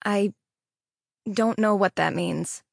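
Weary mother, clipped and flat, read by a woman audiobook narrator. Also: medium pitch, slow, vocal fry, dry recording, studio quality, pitched below the performer's own voice, heavily acted. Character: tired impatient working mother.

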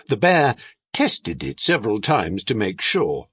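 Slow husky man reading a storybook. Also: lowish voice, no echo, clean studio sound. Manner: expressive, storytelling. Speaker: audiobook narrator. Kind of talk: scripted storybook narration.

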